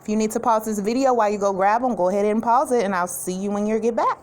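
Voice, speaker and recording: A woman teacher giving a recorded lesson to young children, speaking clearly and patiently and drawing out letter sounds. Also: mid-range voice, fast.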